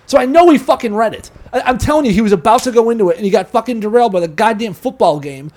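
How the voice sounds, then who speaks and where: A man with a high voice talks quickly. He rambles through a story, swearing often. The talk is loose, casual chat between podcast hosts. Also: animated, darkish tone. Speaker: podcast host.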